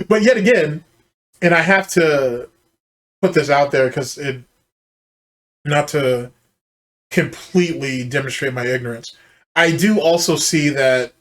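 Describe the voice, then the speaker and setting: A man's voice: mid-range voice, fairly bright tone. Profane, mocking male reaction host. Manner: mocking, profane, sarcastic asides. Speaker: commentary channel host. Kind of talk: casual reaction commentary.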